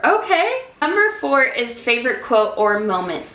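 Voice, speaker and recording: A woman's voice: high voice, sing-song, a little slow, sharp tone. A woman book vlogger in casual review chat, talking in an effusive, emotional, chatty way. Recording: echoey room.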